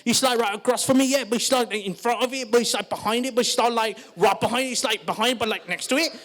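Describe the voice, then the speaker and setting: A man's voice: very high-pitched, fast, a bit bright. Man putting on a rambling young Londoner. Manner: rambling, says "yeah" and "like" constantly. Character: casual young male Londoner giving directions.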